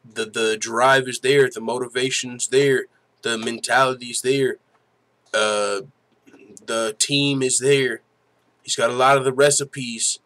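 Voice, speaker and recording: A man's voice: mid-range voice, pushed and bright, poor audio. A young man hosting a casual solo commentary on fighting sports, talking in a profane, slangy, hyped way. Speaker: MMA show host.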